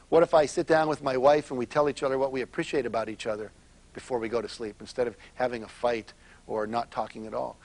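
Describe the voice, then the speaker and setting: A man speaking as a motivational seminar speaker, telling stories in an animated way and addressing his audience directly. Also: medium pitch.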